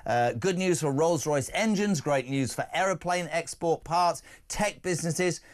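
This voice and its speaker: Male phone-in host, high voice, brash and jokey, opinionated banter. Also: measured pace. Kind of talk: lively radio phone-in chat.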